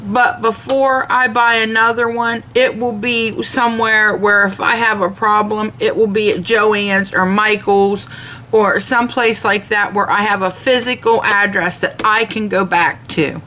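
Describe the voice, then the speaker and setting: Slow, earnest woman vlogger. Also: mid-range voice, steady tone, sharp tone, a little hiss or hum. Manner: earnest, measured, retells dialogue in detail; devout, speaks of faith. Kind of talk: complaint rant to camera.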